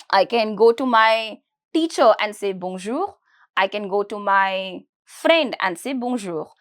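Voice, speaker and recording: Woman teacher drilling pronunciation, slow and careful, a bit high voice. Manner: slow, syllable-by-syllable with repeated drilling. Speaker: language teacher. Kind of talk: spoken pronunciation lesson.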